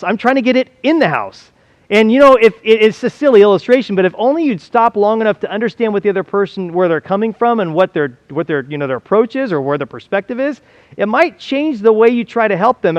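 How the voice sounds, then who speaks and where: A male pastor preaches in a conversational, earnest way and often stumbles and restarts his phrases. His voice sits a bit high for a man. The sound is dry and slightly muffled. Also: no room sound. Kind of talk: sermon.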